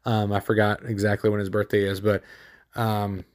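A man's voice: lowish voice, level tone, normal speed. A man hosting a solo sports podcast, rambling and opinionated, with lots of fillers, restarts and casual slang.

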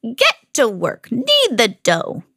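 A woman voicing a scheming old female witch who coaxes in a slow sing-song manner. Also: on the high side, wildly swooping pitch, fairly bright tone, full character voice. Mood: bossy.

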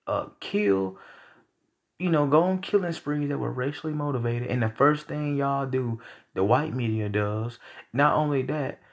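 A man's voice: on the high side, creaky. A young man hosting a podcast, ranting bluntly and heatedly with lots of profanity. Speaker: podcast host. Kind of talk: casual rant.

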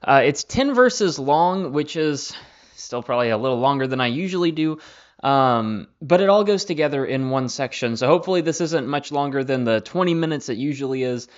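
A young man hosting a Bible study podcast, talking in a relaxed, conversational way with plenty of fillers and restarts. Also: mid-range voice, brisk. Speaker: Bible teacher and podcast host. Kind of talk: casual Bible study talk. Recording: slightly dull lo-fi audio.

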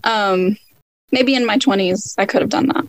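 Giggly chatty woman with a gravelly edge. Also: medium pitch, normal speed, low-quality recording. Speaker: author guest. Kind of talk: casual podcast chat.

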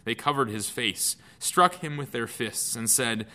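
A man reading a Bible passage aloud in a measured, clear way, as a lesson. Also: mid-range voice, sharp tone. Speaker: scripture reader. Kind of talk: scripted scripture reading.

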